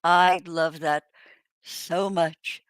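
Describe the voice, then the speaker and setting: An older woman hosting a casual livestream chat, rambling and halting with many fillers, restarts and the odd swear word. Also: fairly low pitch, steady tone, smooth, no echo. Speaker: host.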